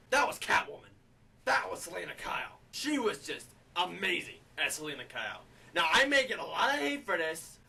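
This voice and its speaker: A man giving a gushing, excitable comedic movie review in character. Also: high-pitched, gravelly, distant mic, a little hiss or hum.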